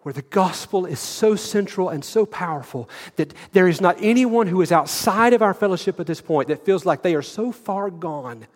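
A man's voice: sits high, expressive, normal speed, few pauses, darkish tone. A middle-aged male pastor preaching an earnest sermon, repeating words and asking the congregation direct questions. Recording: long hall reverb.

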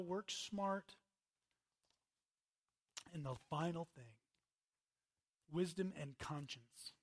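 High-voiced man preaching a casual sermon. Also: a little slow, creaky, long pauses. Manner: conversational preaching, swings from loud bursts to quiet asides. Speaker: pastor.

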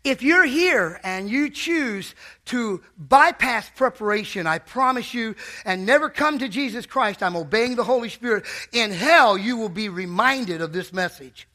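A man's voice: high-pitched, expressive, a little slow, pushed and bright. A man preaching a fervent sermon in a church, calling out to the congregation.

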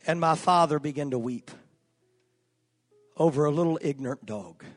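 A man preaching a sermon, telling a personal story in a folksy, earnest way with filler pauses. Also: on the high side. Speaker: pastor. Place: church sanctuary. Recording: long church hall reverb, faint music.

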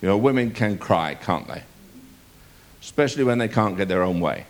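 A man's voice: fairly low pitch, moderate pace, a little hiss or hum. A man preaching a sermon, reading a scripture passage aloud and asking his listeners rhetorical questions. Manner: animated delivery with rhetorical questions to the audience.

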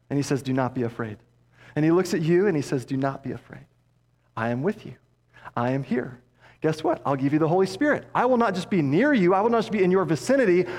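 A man preaching a sermon as pastor, passionate, dropping low and soft for emphasis. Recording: long hall reverb.

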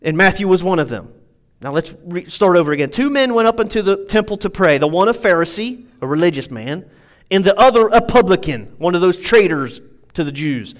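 A man with a high voice preaches to his church. His delivery swells into emphatic, climbing peaks and then falls back to hushed, reflective stretches. He keeps a steady preaching rhythm throughout. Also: brisk, poor audio. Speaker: pastor. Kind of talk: sermon.

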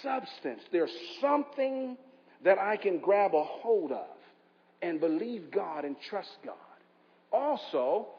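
A pastor with an East Coast American accent preaches a sermon in a church, his high voice very animated yet slow. He urges the congregation to answer aloud in impassioned call-and-response, and the dull audio carries a big-room sound.

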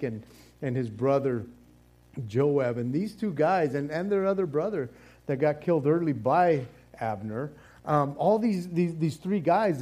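A man's voice: on the high side, warm tone. A man teaching a casual Bible study, rambling with many fillers and repeated words, sometimes playfully acting out the figures he describes. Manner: acts out quoted exchanges playfully.

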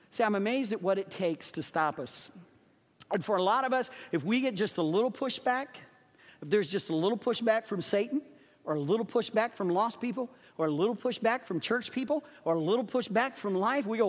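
High-voiced, animated preaching pastor. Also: male voice, moderate pace. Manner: animated storytelling that acts out the characters. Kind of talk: sermon. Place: church sanctuary. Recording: long reverb of a church sanctuary.

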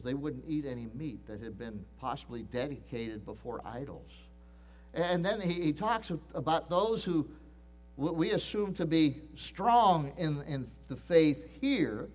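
Middle-aged guy preaching, pretty high voice, earnest, keeps restarting and repeating stuff. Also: a little mellow. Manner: earnest, repetitive, with frequent restarts and emphatic repeats. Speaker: pastor. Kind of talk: sermon.

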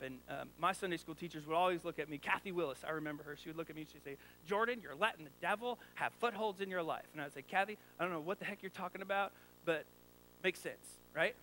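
A man's voice: on the high side, a bit bright, slight background noise, low-quality recording. A man preaching a sermon as a pastor, in a conversational, joking style, full of rhetorical questions to the congregation.

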